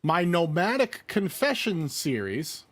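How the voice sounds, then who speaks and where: A man co-hosting a live-stream channel review game show, playful and lively, thinking aloud as he reads. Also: sits high, a little slow, no room sound. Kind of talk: casual live-stream banter and channel critique.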